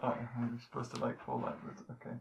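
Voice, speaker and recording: A man hosting a casual movie review chat, excitable and tripping over his words. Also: mid-range voice, brisk, creaky, highs cut off. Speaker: channel host. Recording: echoey room, mic at a distance.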